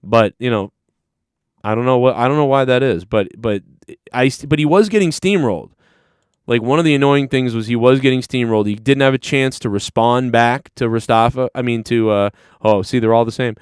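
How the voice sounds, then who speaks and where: A man's voice: mid-range voice, a little fast, clear, resonant tone, no echo, studio quality. A man hosting a live stream, recapping a clip in a rambling, profane, casual way. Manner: rambling, profane, talks over replayed clips. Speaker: stream host.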